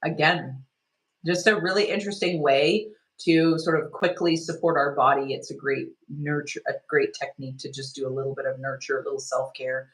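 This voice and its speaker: A woman leading a live online healing workshop, talking gently and loosely, with many restarts and fillers as she guides a self-care technique. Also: low-pitched, steady tone, normal speed, low-quality recording. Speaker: energy healing teacher.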